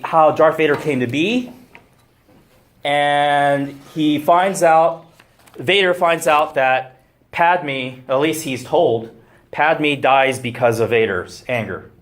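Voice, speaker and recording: A man gives an animated talk in a restaurant room, his voice a touch high and booming off the walls. He gets loud and excited, then stumbles through fillers and restarts. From United States. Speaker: deacon giving a talk. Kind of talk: lively public talk. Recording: echoey room.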